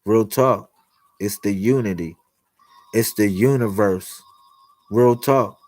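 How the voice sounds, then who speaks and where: A man's voice: lowish voice, takes it slowly, darkish tone, no room sound. A young man talking to viewers on a livestream, preaching about God and miracles in a loose, repetitive, slangy way. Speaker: livestream host. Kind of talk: spiritual livestream monologue.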